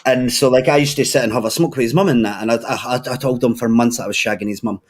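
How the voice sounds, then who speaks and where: A young Scottish man, a podcast regular, tells crude stories in a casual chat, swearing freely and laughing often. His voice is medium-pitched and his speech rapid-fire.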